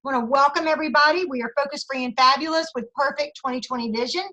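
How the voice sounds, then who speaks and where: A woman leading a motivational team video call in an upbeat, energetic way. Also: high voice, fast, low-quality recording. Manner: upbeat and energetic, tells stories with voices.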